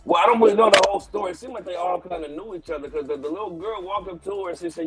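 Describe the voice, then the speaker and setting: A man co-hosting a casual talk show, telling a story with animated rhetorical questions. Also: sits high, quick pace, soft background music. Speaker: podcast co-host. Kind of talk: casual chat.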